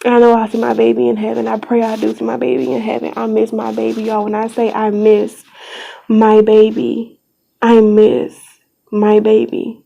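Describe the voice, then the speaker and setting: A woman's voice: on the high side, little pitch movement, moderate pace, creaky, warm tone, dull audio. A young woman vlogger giving an emotional personal testimony, earnest and pleading, tearful at times, sometimes dropping to a whisper.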